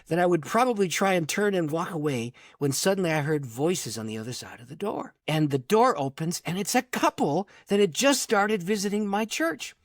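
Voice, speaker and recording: A man's voice: sits high, expressive, fairly quick, few pauses, no room sound, clean studio sound. A middle-aged man, a pastor, telling a personal story in conversation, acting out the voices in his quotes. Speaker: pastor and author, podcast guest.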